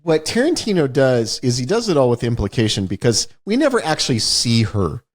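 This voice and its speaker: A man's voice: medium pitch, sing-song, a little fast. A man co-hosting a podcast, casually explaining themes in films with frequent restarts. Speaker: podcast co-host. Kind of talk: casual film discussion.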